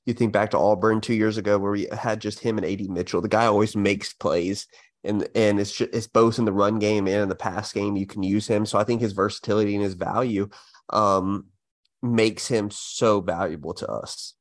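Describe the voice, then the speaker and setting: A man co-hosting a sports podcast, speaking in a measured, agreeable way. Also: lowish voice, steady tone. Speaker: podcast co-host. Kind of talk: casual sports talk.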